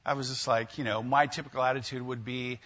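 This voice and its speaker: A man's voice: mid-range voice, steady tone, quick pace, a bit bright, lo-fi sound. A man preaching a sermon in a conversational way, often asking his listeners questions. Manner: conversational, asks the congregation questions. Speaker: pastor.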